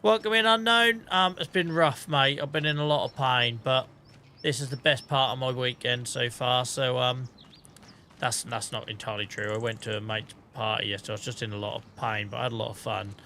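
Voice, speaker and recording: A man's voice: mid-range voice, fairly even intonation, fairly quick, pushed and bright, a little hiss or hum. A tired man with a headache, casually chatting to his live-stream viewers while playing, thinking aloud and swearing now and then. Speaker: game streamer.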